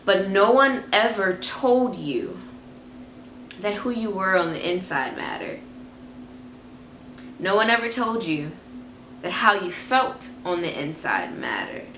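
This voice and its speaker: Woman in her 20s, vlogger giving an emphatic faith-based pep talk, crisp bright tone, roomy echo. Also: medium pitch, animated, slow pace, pauses often, slight background noise. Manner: emphatic, repeats phrases for effect. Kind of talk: motivational talk to camera.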